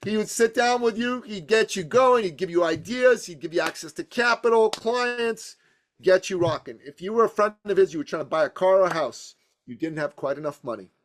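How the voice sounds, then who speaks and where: A man's voice: high-pitched, lively intonation, brisk. A man in his fifties from Iran, a business coach telling his story as a podcast guest in an emphatic, punchy, rhythmic way. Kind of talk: motivational storytelling in a podcast interview.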